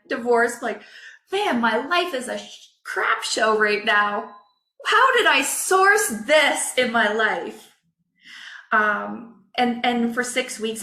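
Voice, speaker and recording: A woman coach, a podcast guest, telling a personal story in a candid, emotional, expressive way. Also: fairly high pitch, roomy sound.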